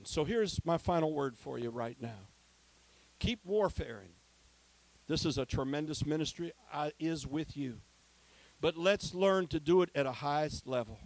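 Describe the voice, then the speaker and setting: Male preacher, high voice, emphatic, moves from booming declarations to quiet storytelling. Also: no echo. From Ohio. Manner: lively, emphatic, swinging between loud declarations and hushed storytelling. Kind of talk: preaching testimony.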